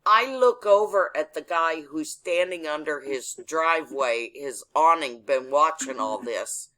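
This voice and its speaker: Woman, casual storyteller, blunt and profane, slow delivery. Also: deep voice, animated, pushed and bright.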